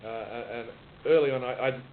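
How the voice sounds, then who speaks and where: A man's voice: medium pitch, normal speed. An Australian author in his sixties reflecting on his writing in a conversational interview, with many restarts and repeated words. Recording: muffled phone-like recording with noise.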